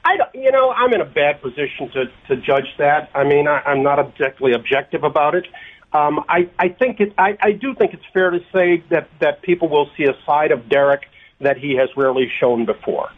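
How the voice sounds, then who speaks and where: A man answering radio interview questions by phone, halting, with many ums and restarted phrases. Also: a little high, animated. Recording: tinny phone line.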